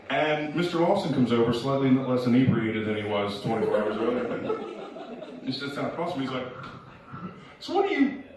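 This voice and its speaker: Animated stand-up comic in an echoey club. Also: male voice, medium pitch. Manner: animated, loud bursts when acting out characters. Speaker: stand-up comedian. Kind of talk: stand-up storytelling. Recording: echoey room, heard from a distance.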